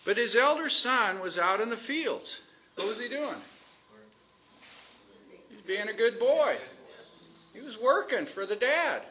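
A man preaching a sermon in a conversational way, asking the congregation questions and slowing down to stretch out key phrases. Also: very high-pitched, big pitch swings, pushed and bright, a little hiss or hum.

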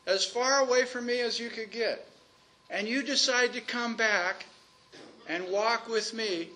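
A man preaching a sermon in a conversational way, asking the congregation questions and slowing down to stretch out key phrases. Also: very high voice, sharp tone.

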